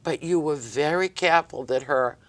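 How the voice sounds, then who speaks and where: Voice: mid-range voice, moderate pace, fairly bright tone, no room sound. Host of a little tv talk show, dry close sound, mid voice, friendly rambly questions. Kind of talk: studio interview. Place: TV studio.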